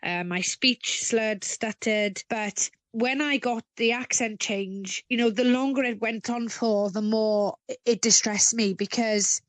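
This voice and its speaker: A woman with a Welsh-sounding accent, telling her own story as a radio interview guest in an earnest, halting way. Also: on the high side, no echo. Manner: earnest, halting, with repeated restarts. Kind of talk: personal account in a radio interview.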